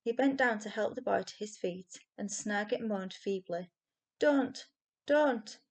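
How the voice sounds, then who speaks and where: A woman reading a children's novel aloud with expressive storytelling. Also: mid-range voice, normal speed. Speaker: reader.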